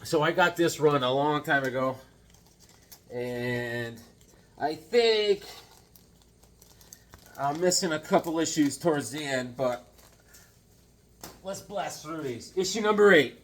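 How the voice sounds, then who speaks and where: A man's voice: a little high, expressive, slow pace, long pauses, a bit bright. Chatty man rambling about comics. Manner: rambling, chatty, jumps between stories and comics. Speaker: comic book vlogger. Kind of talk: casual show-and-tell chat.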